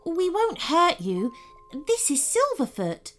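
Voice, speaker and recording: Woman voicing a kindly storybook ghost, high and reassuring. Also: huge pitch swings, takes it slowly, faint music behind, full character voice. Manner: gentle, reassuring. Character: gentle friendly male ghost.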